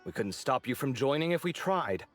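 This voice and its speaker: An actor voicing a proud, fussy young architect in a video game, expressive and given to exasperated sarcasm. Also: male voice, medium pitch, moderate pace, soft background music, close to an everyday voice. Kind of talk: game voice acting.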